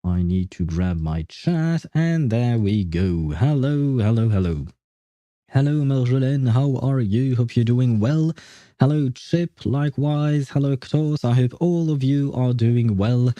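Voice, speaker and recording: A man's voice: medium pitch, animated, a little slow, warm tone, no echo, muffled recording. A man live-streaming games, chatting casually with viewers in a rambling, hesitant way, full of fillers and chuckles. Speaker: game streamer.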